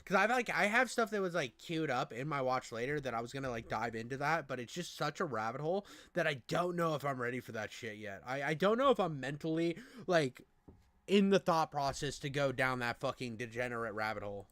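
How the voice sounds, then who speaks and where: A man's voice: mid-range voice, lively intonation, brisk, a bit bright, no room sound. A young man giving crude, joking reaction commentary as co-host. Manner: crude, joking, says dude a lot.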